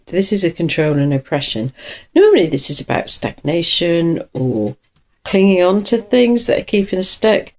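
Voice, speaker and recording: A woman chats through a tarot reading from her couch at home. Her voice sits a little low yet leaps up and down with lively swings of pitch. She rambles, laughs often and corrects herself mid-sentence. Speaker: tarot reader. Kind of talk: casual tarot reading to camera. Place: cosy couch corner at home.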